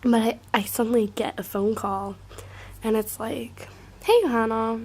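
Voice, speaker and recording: A young woman casually telling a rambling, profane story to camera, full of filler likes and often dropping to a hushed near-whisper. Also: a little high, level tone, a little slow, slight background noise.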